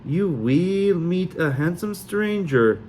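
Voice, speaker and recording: A young man faking an outrageous fortune-teller accent, as a man puts him on, raised and drawn out. Each prophecy comes slow and mock solemn. Faint hiss stays underneath. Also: sits high, lively intonation, darkish tone, voice pushed up. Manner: slow, put-on foreign accent.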